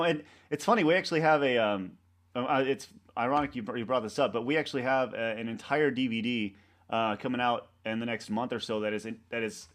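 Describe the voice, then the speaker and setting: A man, a website co-founder, talking in a casual interview, rambling and halting with many restarts and fillers. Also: mid-range voice. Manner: animated storyteller acting out coworkers' lines.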